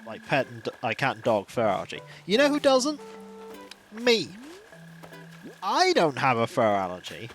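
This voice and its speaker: A man streaming a game and chatting casually in a rambling, animated way. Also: mid-range voice, measured pace, long pauses, soft background music. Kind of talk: casual chat while gaming.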